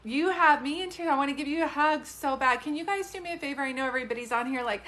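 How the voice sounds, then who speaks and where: A woman with a somewhat high voice gives a psychic reading on a livestream. She talks in an emotional, gushing way and speaks straight to her viewers by name. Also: quick pace, few pauses, fairly bright tone. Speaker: psychic medium. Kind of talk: live-streamed reading.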